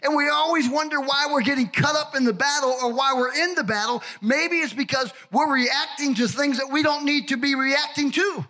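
A man preaching as a pastor, delivering a sermon with shouted emphasis and swings between high cries and low asides. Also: moderate pace, hardly any pauses.

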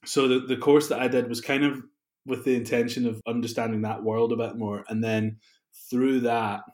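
Young man, music producer guest, relaxed chatty talk, echoey room. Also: medium pitch, moderate pace. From Scotland. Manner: relaxed, laughs often, rambling asides. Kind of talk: casual interview chat. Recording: roomy echo.

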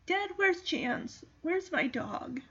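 A woman's voice: very high-pitched, sing-song, slow, pushed and bright, muffled recording, pitched above the performer's own voice, heavily acted. Woman doing an anxious pleading boy. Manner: pleading urgent.

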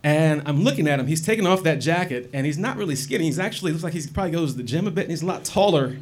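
A man telling a personal story in a wry, animated and profane way. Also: fairly high pitch, racing. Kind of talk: personal story told to an audience.

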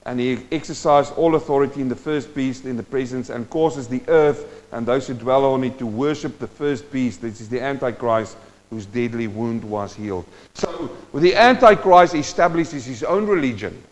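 Impassioned preacher in a reverberant hall. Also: male voice, medium pitch, normal speed. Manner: swings from quiet teaching to loud impassioned exhortation; addresses the congregation directly. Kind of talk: sermon. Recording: dull sound with long hall reverb.

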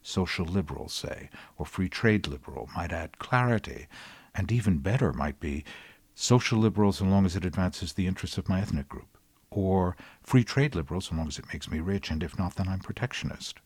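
Dry, wry older man, low husky voice. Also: animated, a little fast, a little mellow, no room sound. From United States. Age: 60s. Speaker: podcast host. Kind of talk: scripted commentary.

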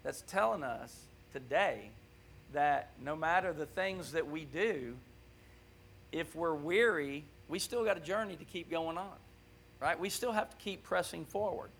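A man preaching a conversational sermon in a church, animated and often checking in with his listeners. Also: fairly high pitch, a little slow, creaky, a little hiss or hum. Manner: animated, keeps asking "right?".

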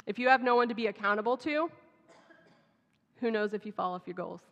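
A woman's voice: medium pitch, fairly quick, fairly bright tone. A woman pastor from Texas, giving a conversational, humorous sermon in a church. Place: church sanctuary. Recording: dull sound, long hall reverb.

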